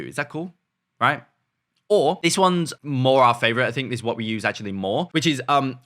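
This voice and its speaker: A young man coaching on sales, talking fast and energetically with many fillers and check-ins like "right?" and "okay?". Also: mid-range voice, fairly bright tone. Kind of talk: business coaching talk to camera.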